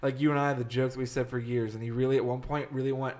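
A man's voice: medium pitch, fairly quick, hardly any pauses, a loud crowd. A man co-hosting a casual podcast, telling a work story with frequent laughter. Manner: laughs often while telling stories. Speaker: podcast co-host. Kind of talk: casual chat.

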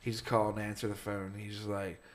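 A man's voice: on the low side, little pitch movement, fast. A man co-hosting a casual podcast chat, telling a work story about phone calls and laughing as he acts out the callers. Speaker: podcast co-host; phone support worker.

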